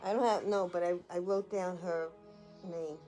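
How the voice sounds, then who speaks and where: An older woman tells a family story in an easy, rambling way, piling on "and then I said" and acting out every line of the exchange. Her voice is mellow and dark, and a little music plays faintly behind her. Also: on the low side, fairly even intonation, moderate pace. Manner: rambling, repeats "and then I said", acts out quotes. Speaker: grandmother telling a story.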